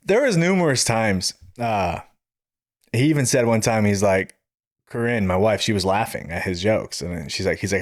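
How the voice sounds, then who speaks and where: A man's voice: on the low side, moderate pace, no echo, studio quality. A man co-hosting a podcast, telling a funny night-out story in casual chat, acting out quotes and laughing as he goes. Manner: animated, laughs while telling stories, acts out quotes. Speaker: podcast co-host.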